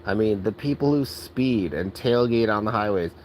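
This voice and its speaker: A man with a lowish voice vents in an exasperated, profanity-laced rant. He speaks casually with lots of filler words. A faint hum of traffic sits behind him. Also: lively intonation, normal speed, darkish tone, poor audio. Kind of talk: angry rant.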